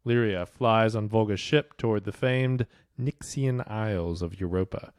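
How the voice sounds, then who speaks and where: A man's voice: on the low side, unhurried, darkish tone, no room sound, clean studio sound. A man co-hosting a podcast, recapping book chapters in laid-back casual chat, laughing often and swearing casually. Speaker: podcast co-host.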